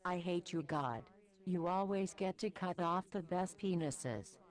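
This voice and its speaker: A woman voicing a small, crude, hot-tempered male goat devil who swears a lot, in a lowered gruff voice. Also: unhurried, lightly acted. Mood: sulky.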